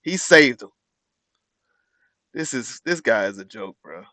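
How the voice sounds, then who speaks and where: A man's voice: medium pitch, animated, a little slow, bright, forceful tone, no room sound. A man reacting live to a speech, blunt and incredulous, talking in slang and calling out what he hears. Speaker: reaction streamer.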